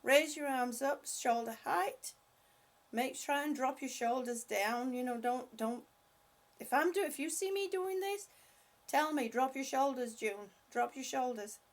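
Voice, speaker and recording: An older woman hosting a casual livestream, calling out gentle stretches and chatting with viewers as she reads their comments aloud. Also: high-pitched, unhurried. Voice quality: breathy at times. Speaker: livestream host leading stretches. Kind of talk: casual livestream chat and exercise cues.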